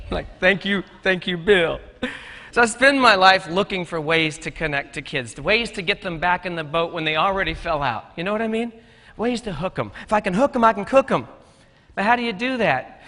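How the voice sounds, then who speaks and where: A man's voice: a little high, fairly bright tone. A middle-aged man giving a conference talk, telling folksy, joking stories about teaching and growing up. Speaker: conference speaker. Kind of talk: storytelling keynote talk. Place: conference stage. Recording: echoey hall.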